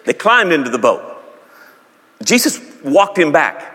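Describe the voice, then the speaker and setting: A male pastor preaching with comic storytelling, jumping into voices for the people in his story. His voice sits high and swings widely. The sound carries a long reverb from a large hall. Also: measured pace, slightly rough. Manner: animated, acts out characters in silly voices.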